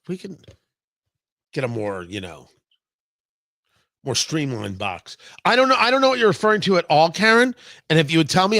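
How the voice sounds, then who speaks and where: A man's voice: a little high, sharp tone, no echo. A man hosting a casual live talk show, reading viewer comments aloud and answering them with sarcastic banter and many restarts. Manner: rambling, many restarts and fillers.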